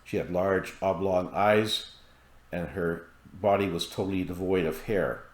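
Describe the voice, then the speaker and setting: A man with a very low voice tells his audience a story in a calm, measured monologue, now and then stopping on a filler. The sound is roomy, with echo around him. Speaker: author and hypnosis practitioner. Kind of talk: monologue to camera.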